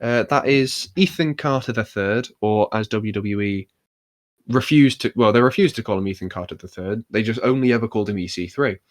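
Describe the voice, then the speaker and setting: Young male podcast host, low voice, rambling and wry, dry close sound. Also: brisk, dry recording. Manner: rambling, filler-heavy, wry. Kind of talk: casual chat about wrestling.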